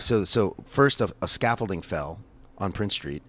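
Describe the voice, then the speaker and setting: Deep-voiced middle-aged guest, loose and profane, spinning chaotic city stories. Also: male voice, normal speed, few pauses. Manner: profane, rambling, laughs through stories. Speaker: podcast guest, bar co-owner. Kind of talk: casual storytelling chat. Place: closed bar, seated at table.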